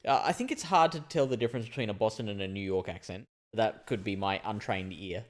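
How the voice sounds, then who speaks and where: A man with a lowish voice streams a game live, speaking briskly as he chats and thinks aloud. He restarts his sentences often during the gameplay commentary.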